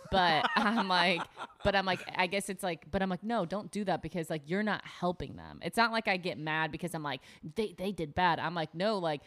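A woman's voice: fairly low pitch, fairly quick, few pauses. A woman stand-up comic chatting on a podcast, blunt and profane, saying "like" constantly and acting out quotes. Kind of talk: casual podcast chat.

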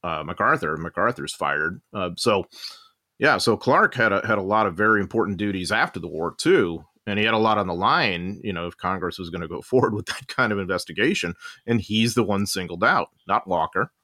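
A man with a low voice gives measured, explanatory points on wartime history. His tone is bright and forceful, and the recording is dry and close. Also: no echo. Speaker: historian guest. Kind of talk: casual history discussion.

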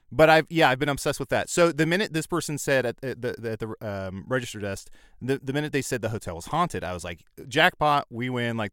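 Man, smooth clear voice, dry close sound, animated self-deprecating storyteller, casual chat. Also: medium pitch, no room sound. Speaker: podcast guest.

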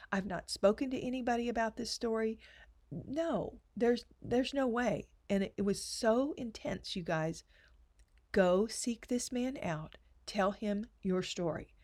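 A woman gives a personal faith testimony in an earnest storytelling manner. She often softens into hushed, emotional asides as she recounts the story. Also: medium pitch. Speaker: speaker sharing testimony.

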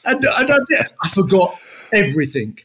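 Male guest, high-pitched, animated storyteller who laughs often. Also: normal speed, slight background noise. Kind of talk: casual chat.

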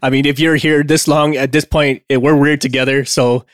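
A man's voice: medium pitch, flat delivery, normal speed, dry recording. Male podcast host, loose and joking, talks on a dry mic. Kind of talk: casual chat.

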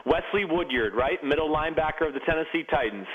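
An animated man spinning locker-room stories, often restarting his sentences as he builds them up. His voice sits a little high for a man. The recording is dull and lo-fi. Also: fast. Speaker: guest, former pro football player. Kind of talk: storytelling in casual chat.

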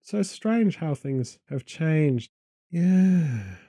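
A man co-hosting a comedy podcast, rambling through absurd deadpan tangents in casual chat. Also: a little high, drawn-out words, breathy edge, no room sound, clean studio sound. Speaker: podcast co-host.

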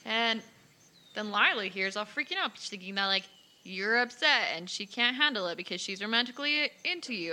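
A woman playing a tabletop game, speaking in character in an exasperated, pleading way that swells into near-shouts. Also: mid-range voice, expressive, moderate pace. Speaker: tabletop player.

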